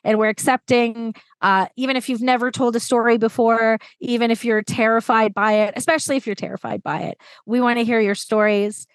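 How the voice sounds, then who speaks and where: A woman storytelling coach chatting as a podcast guest, lively and enthusiastic with quick asides. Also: on the high side, smooth, no room sound. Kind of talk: casual conversation.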